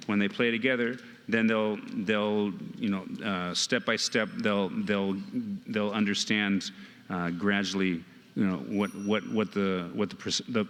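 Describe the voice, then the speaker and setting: A man teaching a hands-on music workshop, speaking slowly and haltingly, often repeating words and counting beats aloud. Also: lowish voice, fairly bright tone. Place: temple hall. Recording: temple hall reverb, faint noise.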